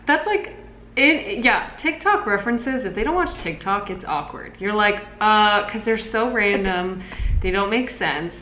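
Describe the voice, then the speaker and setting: An upbeat woman co-hosting a casual podcast, agreeable and quick to chime in. Her voice sits at a middle pitch. It rings in an echoey room with a faint layer of noise. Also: animated, bright, forceful tone. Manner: upbeat, agreeable, quick back-channel "yeah"s. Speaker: podcast co-host. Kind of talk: casual chat.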